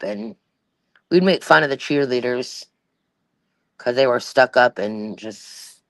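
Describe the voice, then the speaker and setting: A woman's voice: extremely low pitch, no echo. A woman hosting a livestream, chatting casually in a rambling way, with many fillers and restarts and a Valley Girl-type voice. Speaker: livestream host.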